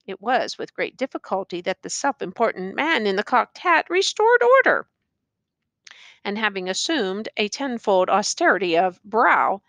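A woman narrating a classic tale as an expressive audiobook reader. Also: medium pitch, no room sound. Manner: expressive, storytelling.

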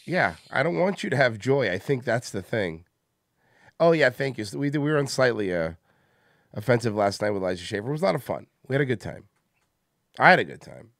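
A man's voice: mid-range voice, expressive, a little fast, creaky, fairly bright tone, no room sound. A man hosting a comedy podcast, rambling and joking in casual banter, worn out from a busy day. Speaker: podcast host.

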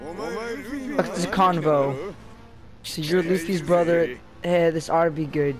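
A young man giving casual, rambling commentary while playing a fighting game, getting excited and shouting at the game. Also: fairly high pitch, takes it slowly, over music. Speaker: gameplay commentator.

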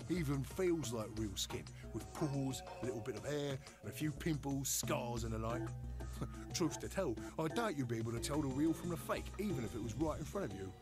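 A woman's voice: a bass voice, animated, normal speed, music in the background. Woman doing a chatty Cockney robot bloke. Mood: chummy. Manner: chummy, rambling, heavy slang. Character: chatty cockney male robot golem, excitable. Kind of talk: video game voice acting.

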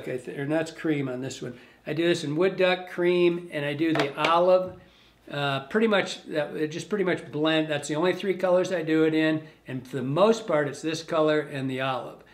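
Man, fly tying instructor, easygoing and chatty, slightly higher voice. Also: slight background noise. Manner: relaxed, rambling, thinking aloud while working. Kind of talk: casual step-by-step demonstration.

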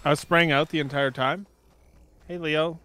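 Excitable male streamer. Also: a little high, clean tone. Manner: excitable, quick exclamations. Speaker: streamer playing a battle royale game. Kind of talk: casual gaming chat.

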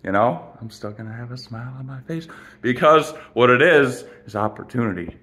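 A man's voice: medium pitch, lively intonation, a little fast, a bit bright. A young man ranting casually to camera, profane, rambling and argumentative.

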